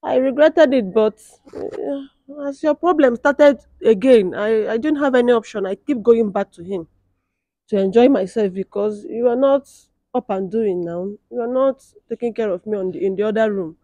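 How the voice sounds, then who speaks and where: A woman's voice: a little high, moderate pace, mellow, no echo, close to an everyday voice. A woman playing a sheepish confessing wife. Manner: confessing, hesitant. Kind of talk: comedy skit acting.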